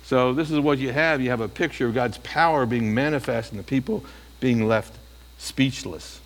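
A man's voice: medium pitch, normal speed, in a large hall. A male preacher giving a sermon, often asking the listeners rhetorical questions.

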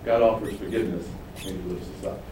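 A man preaching a sermon, animated, acting out quoted lines with sudden rises. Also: deep voice, quick pace. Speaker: pastor. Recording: very echoey room, distant mic, faint noise.

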